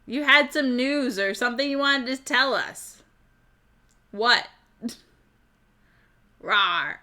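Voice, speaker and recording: Speaking slowly in a high, pushed, bright voice, a woman hosts a live stream, chatting casually with viewers. She giggles frequently and stumbles over her words.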